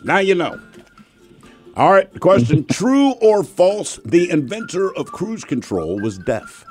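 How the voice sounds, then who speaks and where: A man in his fifties hosting a radio show, running a quiz and telling stories with quoted voices in an animated way. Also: sits high, slow, soft background music. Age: 50s. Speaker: radio host and quizmaster. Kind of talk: radio banter and storytelling.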